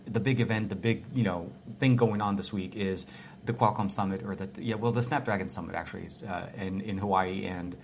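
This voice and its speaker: Low-voiced man rambling on a podcast. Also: fairly even intonation, a little fast, slight background noise. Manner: rambling, restarts often, many "um"s. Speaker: podcast co-host. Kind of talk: casual tech podcast chat. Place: small hotel room.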